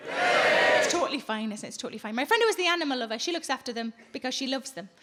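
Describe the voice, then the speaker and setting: A woman's voice: sits high, lively intonation, rapid-fire, a bit bright, a faint crowd. A woman comedian, telling blunt, sweary stories in a live stand-up set. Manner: blunt, sweary, conversational storytelling. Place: theatre stage, live audience.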